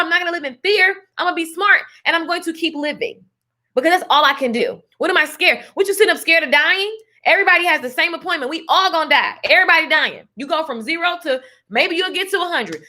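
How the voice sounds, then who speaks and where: High bright-voiced woman, preachy motivational talk, calls everyone darling. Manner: emphatic and preachy, with church talk and pet names like darling and baby. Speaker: motivational speaker on a live stream.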